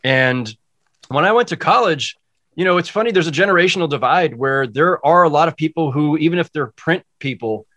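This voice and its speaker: Bright-voiced man, a reflective guest. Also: a little high, lively intonation, fairly quick, lo-fi sound. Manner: warm, reflective, heartfelt. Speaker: guest sportswriter. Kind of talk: casual chat.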